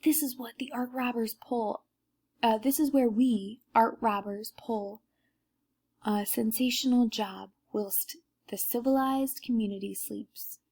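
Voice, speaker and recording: A woman reading aloud and voicing a scheming male art thief in a storybook, speaking in a hushed, sly way. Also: on the high side, measured pace, husky.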